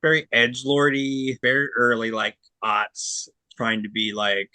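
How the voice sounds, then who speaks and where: A man's voice: mid-range voice, little pitch movement, a little slow, pushed and bright, no room sound. A man co-hosting a podcast, chatting casually about new disc releases and giving blunt, rambling opinions full of fillers. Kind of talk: casual chat.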